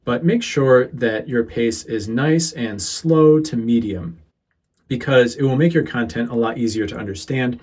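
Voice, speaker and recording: A male teacher talking through a how-to lesson into a close microphone, unhurried and easygoing, with a few fillers. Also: medium pitch, darkish tone, slightly rough. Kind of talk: instructional voice-over. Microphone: close sensitive studio mic.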